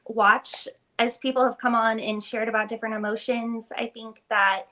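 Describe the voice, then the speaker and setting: A woman guest on a live-streamed chat, talking in a warm, gracious way with soft hesitations. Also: on the high side, flat delivery, moderate pace.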